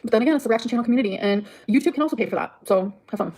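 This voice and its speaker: Woman streamer venting fast and furious, a little high-pitched and sweary. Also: lively intonation, a little mellow, slight background noise, rough recording. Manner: heated, profane, venting. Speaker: livestreamer. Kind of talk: angry livestream rant.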